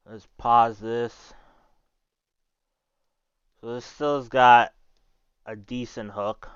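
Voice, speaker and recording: A man's voice: mid-range voice, fairly even intonation, extremely slow, long pauses, clean tone, no room sound, lo-fi sound. A man on a live weather stream, thinking aloud in a casual way as he studies radar.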